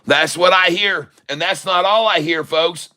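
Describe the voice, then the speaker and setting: A man hosting a live day-trading stream, shouting excitedly at the charts and talking to his chat. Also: high-pitched, a little slow, background noise. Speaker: day-trading livestream host.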